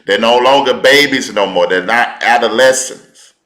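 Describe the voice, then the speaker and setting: A man preaching a teaching sermon, slow and deliberate, repeating key words for emphasis in informal, colloquial speech. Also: mid-range voice, bright, forceful tone, roomy sound, poor audio.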